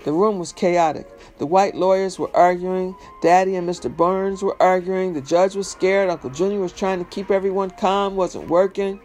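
Guy reading his memoir out loud, high voice, chatty and emphatic. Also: fairly even intonation, normal speed, hardly any pauses, faint music behind. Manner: emphatic, conversational storytelling. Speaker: reader.

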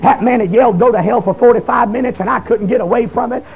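Guy preaching his testimony, folksy and shouty, raspy voice on a muffled old recording. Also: extremely high pitch, fast talker. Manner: folksy storytelling with bursts of shouting. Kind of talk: sermon testimony. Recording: dull lo-fi recording.

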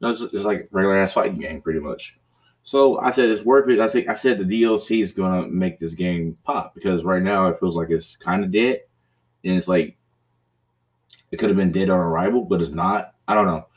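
A man's voice: deep voice, a little fast, recorded from a distance. A man hosting a podcast in casual chat, rambling and profane, laughing often and acting out his own outbursts. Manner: acts out his own raging outbursts loudly. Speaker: podcast host.

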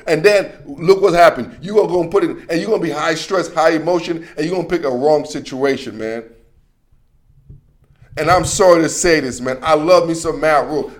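A man with a fairly high voice runs a casual football opinion monologue. He is animated and slangy, circles back on his points, and talks straight at the coach he is criticizing. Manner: animated, slangy, repeats himself, addresses people directly. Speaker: sports commentary host.

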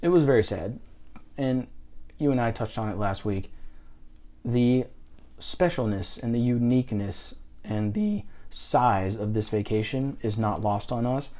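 A man from the United States co-hosting a podcast, chatting casually about a river cruise and telling animated stories. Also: mid-range voice, measured pace. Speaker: podcast co-host. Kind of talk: casual travel chat.

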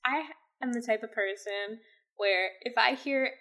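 A woman's voice: a little high, a little slow, a bit bright. A woman in casual chat, telling a story in a rambling way with lots of "like". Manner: rambling storyteller, heavy use of "like".

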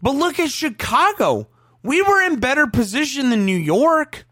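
A man's voice: very high voice, very animated, normal speed, sharp tone, dry recording, clean studio sound. A man co-hosting a sports talk show, ranting in frustration with profanity and stammered restarts.

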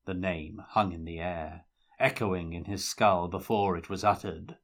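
A man reading a fantasy novel aloud in a measured, dramatic storytelling manner. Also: sits low, steady tone, a bit bright. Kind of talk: audiobook-style fiction reading.

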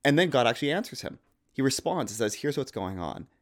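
A man's voice: medium pitch, sing-song, fast talker. A man in his thirties, a podcast co-host, talking through theology in an earnest, thoughtful way and quoting Scripture aloud. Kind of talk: casual theological discussion.

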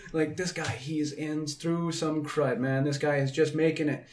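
A man's voice: fairly high pitch, fairly even intonation, normal speed, far from the mic. A young man chatting casually, rambling and laughing, swapping in mild minced oaths for swear words. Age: young adult. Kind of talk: casual chat. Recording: roomy echo, faint noise.

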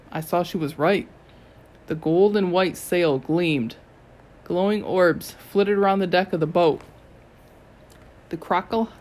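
A reader giving a steady, first-person audiobook narration. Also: mid-range voice.

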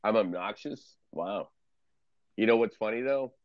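A man's voice: fairly low pitch, a little slow, dry recording, lo-fi sound. A man streaming in a casual video chat, laid-back and teasing, swearing freely. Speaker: streamer and tarot card reader.

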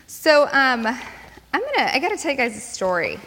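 A woman's voice: high voice, wildly swooping pitch, moderate pace, fairly bright tone. A woman in her thirties, speaking at a church gathering, leading a prayer and then telling a personal story in a chatty way with many fillers. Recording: long reverb in a large hall.

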